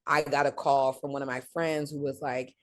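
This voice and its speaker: A woman guest in a casual interview, telling her career story in an animated way and acting out the people she quotes. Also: very deep voice, moderate pace.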